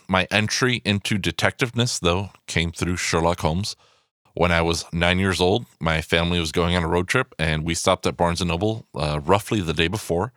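A man in his thirties hosting a podcast, talking in an excitable, rambling way, swearing a lot and going off on asides. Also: low-pitched, no echo, clean studio sound. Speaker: podcast host. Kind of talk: casual podcast monologue. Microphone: podcast microphone.

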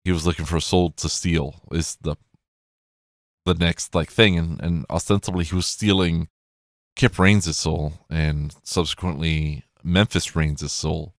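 A man's voice: deep voice, steady tone, measured pace, dry recording, studio quality. A man chatting casually and rambling, with plenty of swearing and self-corrections.

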